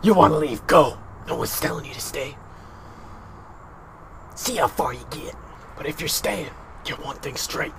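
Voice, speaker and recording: A man's voice: medium pitch, expressive, unhurried, creaky, pauses often, noisy background, voice pushed down. Rick, a man doing a stern survivor leader. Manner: blunt, laying down the law. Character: hardened male survivor leader, stern and commanding.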